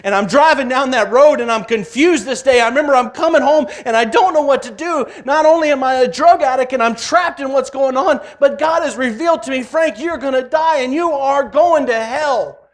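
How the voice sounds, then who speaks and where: A man in his forties giving a passionate personal testimony in church, swinging between loud cries and hushed tones. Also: very high voice, normal speed, hardly any pauses.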